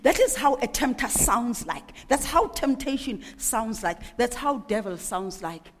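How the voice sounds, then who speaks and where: A woman delivers a sermon in a slow, measured cadence, her pitch swinging widely as she asks question after question. The sound carries a long hall reverb. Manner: animated, rhetorical questioning. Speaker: preacher.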